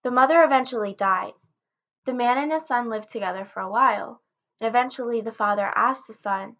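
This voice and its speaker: A woman narrating a folktale in a steady, plain storytelling manner. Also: fairly high pitch, fairly quick.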